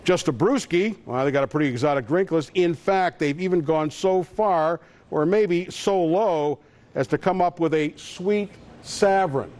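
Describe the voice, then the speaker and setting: A man hosting a sports talk show, quick-witted and teasing, with a Pittsburgh accent. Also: on the high side, a little mellow. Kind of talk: lively sports talk and interviews. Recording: music faintly behind.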